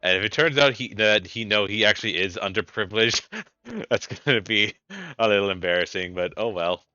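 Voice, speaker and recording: Male streamer, bright tone, dry lo-fi mic, chatty rambling. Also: on the low side, a little fast, no room sound. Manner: rambling, self-interrupting, chuckling. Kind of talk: casual let's play commentary.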